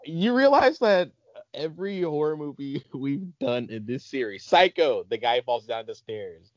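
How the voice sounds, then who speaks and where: A man's voice: a little high, sing-song, unhurried, no echo, dull audio. A man hosting a podcast, recapping a movie in casual chat and laughing often, enthusiastic. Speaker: podcast host.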